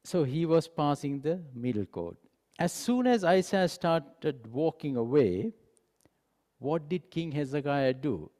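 A man preaching a sermon, animated and acting out dialogue, dropping to a soft voice for emphasis. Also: fairly high pitch, takes it slowly. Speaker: pastor. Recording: long hall reverb.

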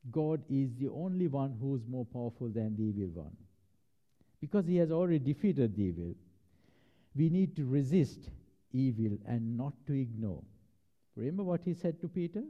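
A man preaching a reflective sermon, mixing scripture with personal anecdotes. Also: medium pitch. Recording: dull lo-fi recording.

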